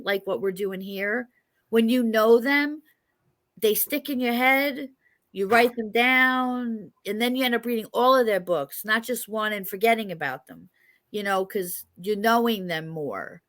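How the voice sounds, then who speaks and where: A woman's voice: fairly high pitch, measured pace, fairly bright tone. A woman hosting an interview over a video call, chatting in a friendly way and often agreeing with her guest. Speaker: interview host. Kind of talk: casual interview chat.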